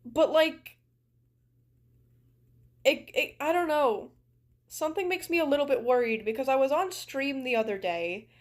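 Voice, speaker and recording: A woman's voice: high voice, a little slow, pauses often. A young woman with a Canadian accent, chatting casually while streaming a game, rambling with lots of "like" fillers. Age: young adult. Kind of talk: casual chat while gaming.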